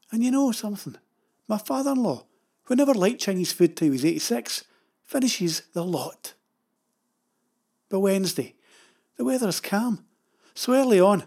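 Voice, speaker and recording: Husky older Scottish man, chatty storyteller. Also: on the high side, darkish tone. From Scotland. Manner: chatty, digressive, wry. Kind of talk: rambling anecdotal narration.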